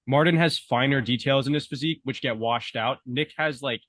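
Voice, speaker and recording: A man's voice: mid-range voice, fairly quick, fairly bright tone, dry recording, clean studio sound. A man talking casually on a podcast, hesitant, restarting sentences and hedging his opinions. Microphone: remote call from home.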